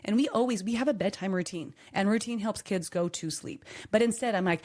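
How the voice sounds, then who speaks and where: A woman in her thirties chatting candidly as a podcast co-host. She tells her story with lively swings of pitch and jumps into a higher voice to act out what others said. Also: fairly quick, few pauses. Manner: animated storyteller, acts out quotes in a raised voice. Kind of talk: candid casual chat.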